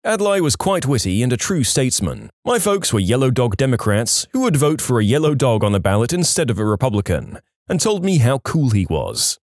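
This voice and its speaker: A man narrating reddit stories in a scripted read, briskly and with timed punchlines. His pitch moves in an animated way, and the recording is close and dry with no room sound. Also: no room sound. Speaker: story narrator.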